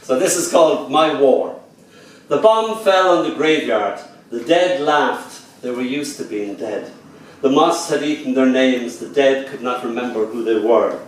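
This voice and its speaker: A man, a poet and event host, giving a lilting live poetry reading in a bar, with soft, hushed passages. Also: mid-range voice, measured pace, recorded from a distance, a little hiss or hum. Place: bar venue. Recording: echoey room recorded from afar.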